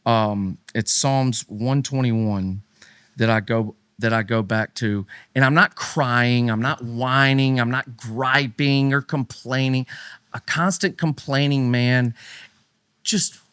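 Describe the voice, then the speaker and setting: This is a middle-aged man co-hosting a casual podcast. His voice sits mid-pitch and is recorded close and dry. He talks animatedly, leaping into high, emphatic bursts and then dropping low and quiet. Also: fairly even intonation, slow pace, clear, resonant tone, no echo. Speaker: podcast co-host. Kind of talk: casual faith talk with a co-host.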